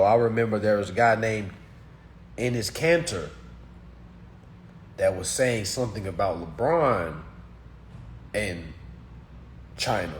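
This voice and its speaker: A man's voice: on the low side, slight background noise. A man giving a casual political rant, speaking emphatically and straight to his listeners. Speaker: commentator.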